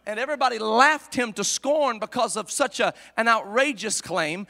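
A very high-pitched man preaches an impassioned sermon. He moves from quiet, hushed storytelling to full-throated shouts. His bright, forceful voice rings out with the long reverb of a large hall. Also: normal speed, gravelly.

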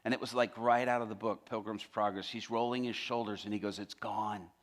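A man preaching a testimony as dramatic storytelling, often dropping to a hush for emphasis. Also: on the low side, steady tone, fast talker.

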